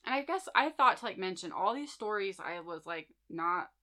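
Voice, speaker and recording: Speaking at a moderate pace, this thirtysomething woman has a medium-pitched, expressive voice with a sharp edge. Her talk is a relaxed storytelling chat among friends, loaded with "like" and other fillers.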